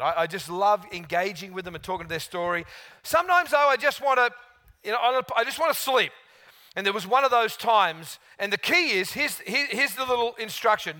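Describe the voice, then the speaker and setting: High, bright-voiced male pastor. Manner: lively, chatty storytelling with restarts. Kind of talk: sermon.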